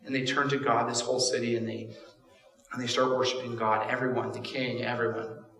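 Pastor preaching in an echoey hall. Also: male voice, medium pitch, little pitch movement, a little fast, pushed and bright, far from the mic. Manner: casual, humorous storytelling. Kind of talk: sermon. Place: church auditorium.

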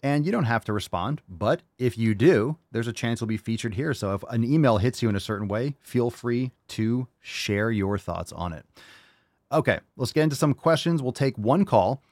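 A man's voice: mid-range voice, lively intonation, moderate pace, darkish tone, no room sound. Male host, casual fitness chat, blunt and profane, dry mic. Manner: blunt, profane, tough-love ranting. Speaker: podcast host.

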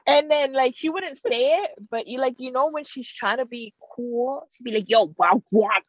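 A woman's voice: sits high, normal speed, no room sound. A woman in casual chat, talking bluntly and swearing freely. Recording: dry, dull lo-fi sound.

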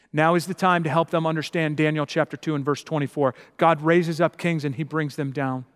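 A man preaching a sermon as pastor, emphatic and building to loud, passionate peaks. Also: a little high, long reverb tail.

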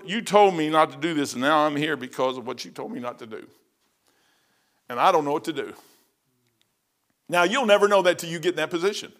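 A middle-aged man preaches informally and weaves in stories from his own life. His voice sits high for a man. He talks in a folksy, emphatic way and keeps throwing in "man.". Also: fairly bright tone.

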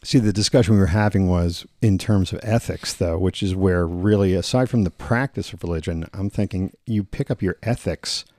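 A man co-hosting a podcast, chatting casually and tossing in quick jokes and questions. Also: sits low, dark tone, no echo, studio quality. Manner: quick, joking interjections and questions. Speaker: podcast co-host.

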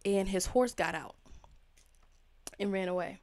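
Woman, mid pitch, casual podcast co-host, playful storyteller, slangy. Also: a little slow, a little mellow. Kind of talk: casual faith talk, storytelling.

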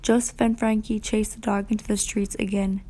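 A woman reading a novel chapter aloud for a podcast, pausing to comment on the story. Her delivery is soft and often half-whispered. The voice is mellow and dark in tone. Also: mid-range voice, level tone, husky. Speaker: student reader.

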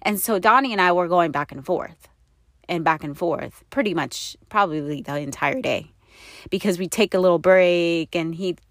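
Rambling, low-voiced woman telling a story. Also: normal speed, fairly bright tone, no room sound, studio quality. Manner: rambling and confessional, with many fillers and self-corrections; breaks into laughter often. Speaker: wife sharing a personal story. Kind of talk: candid personal storytelling to the camera.

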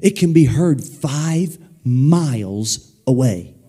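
A man preaching in a church sanctuary, animated and playful, often calling on the congregation to repeat his words. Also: mid-range voice, slow pace, breathy edge. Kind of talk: energetic sermon with call-and-response.

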